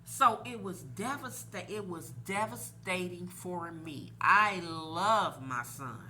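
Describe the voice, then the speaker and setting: A woman's voice: fairly low pitch, lively intonation, takes it slowly, bright, forceful tone. A woman in her forties, a podcast host telling a personal story candidly and animatedly, laughing now and then.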